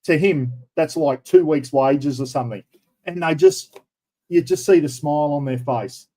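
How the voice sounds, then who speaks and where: A middle-aged Australian man hosting a casual livestream from his computer room. He rambles and calls everyone "mate". His voice sits a little high but has a dark, mellow tone. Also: moderate pace, low-quality recording. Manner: chatty, rambling, frequent "mate". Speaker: livestream host. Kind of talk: casual livestream chat reading viewer comments.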